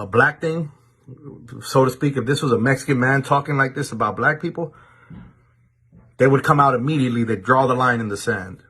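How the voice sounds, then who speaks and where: A man with a husky, slightly breathy voice talks straight to his viewers in a monologue. His tone is deliberate and stern, and he often repeats words as he restarts a sentence. He comes from the Los Angeles area. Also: mid-range voice, fairly bright tone. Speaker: commentator addressing viewers. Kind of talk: direct-to-camera monologue.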